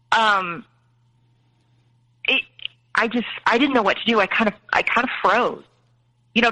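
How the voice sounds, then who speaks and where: Candid woman with a gravelly edge. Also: medium pitch, sharp tone, rough recording. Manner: candid, conversational retelling. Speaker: interview guest. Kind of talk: personal storytelling.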